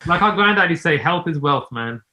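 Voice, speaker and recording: A man in his forties, a guest in casual chat, speaking in a reflective, relaxed way. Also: a little high, quick pace. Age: 40s. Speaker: podcast guest.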